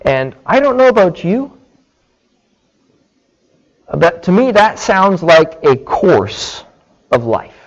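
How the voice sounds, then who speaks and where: A man preaching a sermon, explaining scripture slowly and deliberately and checking in with his listeners. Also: sits high, very animated, muffled recording. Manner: slow, deliberate teaching with frequent "okay" check-ins.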